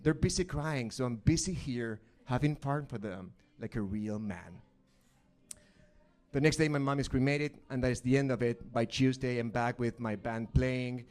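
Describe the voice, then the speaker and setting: A middle-aged man from Argentina, telling a deadpan, dark personal story in stand-up. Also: mid-range voice. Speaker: stand-up comedian. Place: live comedy stage.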